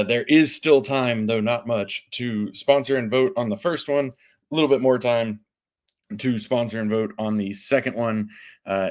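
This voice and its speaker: A man hosting a casual online question-and-answer chat, upbeat and teasing his guests. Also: on the low side. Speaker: AMA host.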